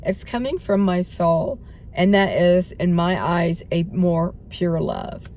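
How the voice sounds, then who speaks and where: A hoarse middle-aged woman vlogging in a rambling, self-doubting way, laughing between thoughts and often trailing off. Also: lowish voice, big pitch swings, takes it slowly, dark tone, a little hiss or hum. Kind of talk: rambling spiritual vlog chat.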